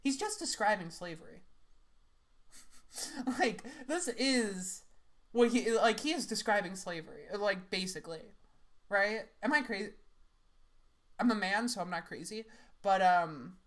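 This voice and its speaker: A woman's voice: mid-range voice, lively intonation, unhurried, pauses often, fairly bright tone. A young woman making sarcastic, laughing, rambling comments as she reacts to clips.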